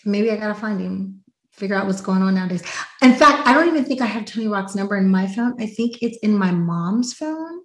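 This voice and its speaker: A woman hosting a podcast, chatting casually and telling stories with lively acted-out quotes. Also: medium pitch, brisk, echoey room, low-quality recording. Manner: animated storyteller, acts out quotes. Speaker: podcast host. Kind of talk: casual chat.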